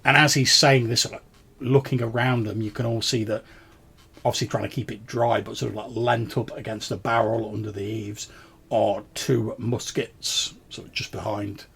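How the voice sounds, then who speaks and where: A man running a tabletop game as game master, his voice gravelly and a little husky. He describes scenes in a loose, rambling way, full of "sort of" and "like". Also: on the low side, level tone, moderate pace, a bit bright.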